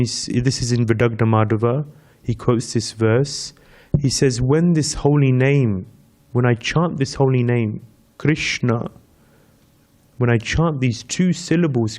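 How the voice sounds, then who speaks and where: Speaking in a mid-range, faintly mellow voice, a man teaches a devotional scripture class. His talk mixes a story with repetitive counting, chanted Sanskrit verses, and easy laughter shared with those listening.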